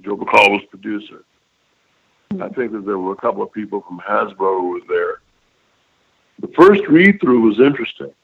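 This older man, a voice actor being interviewed by phone, wanders through emphatic recollections and keeps checking that his listener is with him. He speaks at a normal speed in a lowish, expressive voice with vocal fry, a breathy edge, and many pauses. The audio is lo-fi phone-line quality.

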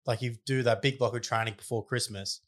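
A man interviewing a player in a relaxed, chatty way, with "um" and "I mean" fillers. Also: mid-range voice, brisk. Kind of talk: casual interview chat.

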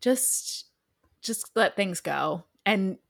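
A woman's voice: mid-range voice, lively intonation, drawn-out words, gravelly. A woman in casual conversation, telling a story with lots of filler words and self-deprecating laughs. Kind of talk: casual chat.

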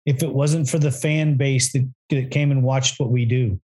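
A man hosts a relaxed interview and chimes in with brief, agreeable comments. His voice is ordinary and mid-pitched. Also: moderate pace, breathy edge. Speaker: podcast host, racing parts maker. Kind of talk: casual interview.

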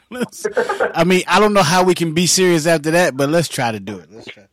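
A man hosts a relaxed podcast chat with a slightly raised pitch. He keeps things moving and affirms his guests often. His talk is loose and friendly. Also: normal speed, no echo, clean studio sound. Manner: easygoing, affirming with frequent yeahs. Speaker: host.

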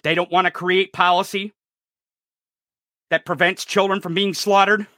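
A man's voice: sits high, level tone, normal speed, bright, forceful tone, no room sound, studio quality. Furious profane man ranting in his thirties. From rural United States. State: enraged. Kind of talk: angry political rant.

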